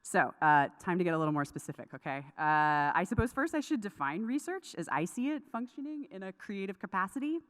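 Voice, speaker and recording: A woman's voice: medium pitch, big pitch swings, a little fast, hardly any pauses. A woman giving a craft lecture at a conference, chatty and prone to laughing asides. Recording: lecture hall with long reverb.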